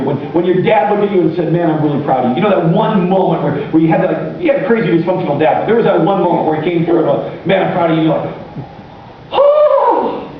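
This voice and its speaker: Animated high-voiced male preacher, distant. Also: very echoey. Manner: animated, acts out quoted voices. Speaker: pastor. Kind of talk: sermon. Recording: distant, muffled room mic with faint noise.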